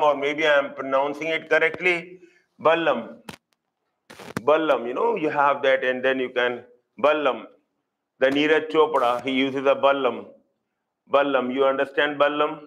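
A middle-aged man gives a live online zoology lecture at a very slow, deliberate pace. He says each key term two or three times and keeps checking that his students are following. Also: on the high side, fairly bright tone, low-quality recording. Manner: slow, repeats key terms, asks students if they follow. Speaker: zoology teacher.

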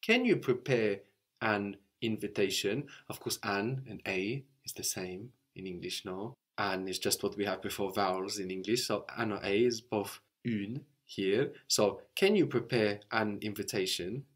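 A man with a somewhat low voice leads a spoken language lesson. He explains patiently, one step at a time, and often checks in with the learner by ending on a questioning "no?". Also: a little slow. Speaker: language teacher.

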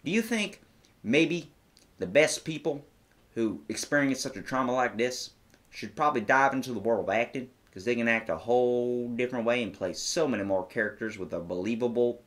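A male comedy podcast host who reads from his notes with emphatic, theatrical delivery. His voice sits at a middling pitch. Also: normal speed, fairly bright tone.

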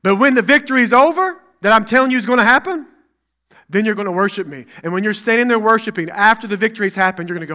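A man preaching a sermon as pastor in a church, acting out Bible dialogue and swinging between loud and hushed. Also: high-pitched, animated, fast talker.

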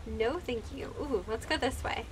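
A woman's voice: on the high side, normal speed, a little hiss or hum. A woman streaming live while she plays a game, gushing and thanking her viewers one by one, moved almost to tears. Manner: easily moved, close to tears. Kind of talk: casual live-stream chat while gaming.

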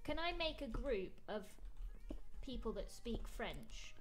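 A young woman chatting playfully on a game stream, talking in quick bursts. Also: on the high side, sing-song, a little hiss or hum. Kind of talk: casual gaming stream chat.

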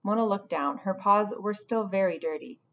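A woman teacher reads a storybook aloud in a patient, instructive way, stopping to guide her listeners. Her voice sits at an ordinary pitch. The recording is dull and lo-fi. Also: normal speed. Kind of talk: storybook read-aloud with asides to students.

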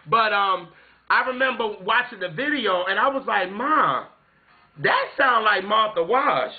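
A man's voice: sits high, expressive, a little slow. A man from South Carolina telling a story casually to his viewers, chatty and rambling, often saying "you know what I'm saying". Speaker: music vlogger. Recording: tinny phone-like sound.

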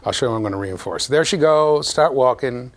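Speaking a little fast, this man has a medium-pitched, expressive voice. He lectures a big university class in a playful way, talking straight to the students while running a live demonstration.

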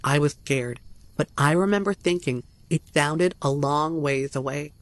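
A man's voice: fairly high pitch, unhurried, dry recording. A man reading a first-person horror story aloud as a narrator, tense and dramatic.

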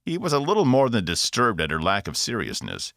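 Male author-narrator, deep voice, very expressive pitch. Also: fairly quick, creaky, dry recording, clean studio sound. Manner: expressive, varied delivery. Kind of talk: scripted narration.

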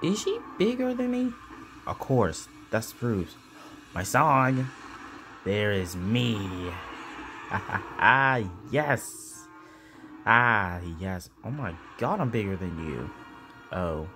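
A man voicing a boastful, grumpy male giant monster lizard in a toy reenactment reaction video, excitable and complaining. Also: on the low side, very slow, music in the background, full character voice.

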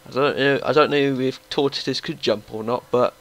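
A young man giving casual, excitable commentary while playing a football video game and talking to his players. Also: medium pitch, normal speed, poor audio. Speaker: gaming YouTuber. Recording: faint background music.

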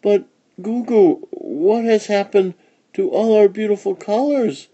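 Storybook little girl, eager and plaintive, high piping voice, read by a man. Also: unhurried, dark tone, dull audio.

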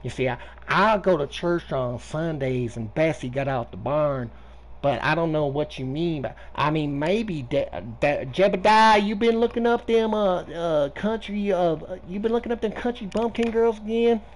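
A man's voice: on the high side, normal speed, close to an everyday voice. A man putting on a drawling Southern country bumpkin. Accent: Southern US (put on). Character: folksy rural Southern man playing dumb.

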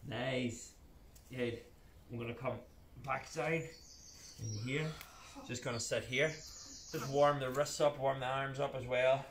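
A man's voice: mid-range voice, fairly even intonation, slow pace, long pauses, roomy sound, slight background noise. A man leading a live children's PE class, giving playful step-by-step exercise cues. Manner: upbeat, playful, step-by-step cueing. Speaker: children's PE coach. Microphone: camera set back across the room.

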